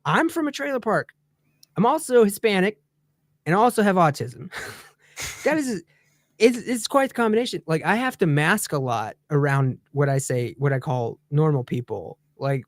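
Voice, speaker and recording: A man telling a story in a casual chat show, animated and heated, laughing as he goes. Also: a little high, normal speed, no room sound, studio quality. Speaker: guest on a talk show.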